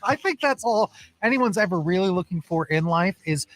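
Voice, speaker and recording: A man co-hosting a radio morning show, bantering casually with quick reactive quips. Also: high voice, lively intonation. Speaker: radio co-host. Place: radio studio.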